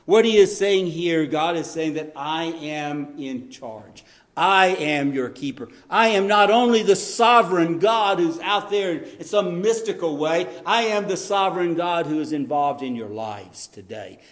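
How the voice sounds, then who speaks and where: Unhurried and earnest, this male pastor delivers his sermon with lively intonation. His voice lifts on the scripture passages and sinks low to underline key lines, and he sometimes ums or restarts.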